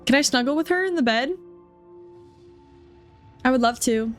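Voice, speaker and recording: A woman's voice: high voice, moderate pace, a bit bright, faint music behind. A young woman commenting on a game as she plays, rambling and emotional, with many fillers. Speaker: gaming streamer. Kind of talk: let's play commentary.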